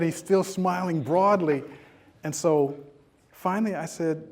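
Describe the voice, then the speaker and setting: A man giving a keynote lecture, telling a humorous story to an audience in a lecture room. He acts out dialogue with lively, rising pitch and pokes fun at himself, with frequent fillers. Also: slow, vocal fry, a little hiss or hum. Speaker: keynote speaker.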